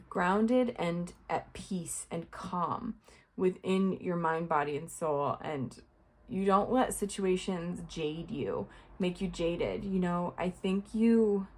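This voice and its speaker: A young woman giving a casual tarot reading to her viewers, chatty and rambling, full of fillers and little laughs. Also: fairly low pitch. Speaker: tarot reader.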